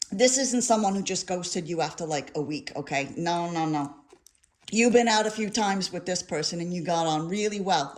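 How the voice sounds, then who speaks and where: A middle-aged woman with a New York accent giving a casual tarot reading, animated and rambling, swearing and breaking into asides. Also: mid-range voice. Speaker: tarot reader.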